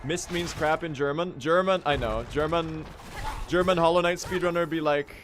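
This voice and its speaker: A man's voice: on the high side, moderate pace, faint music behind. A young man speedrunning on a live stream, casually commentating, swearing and addressing his chat.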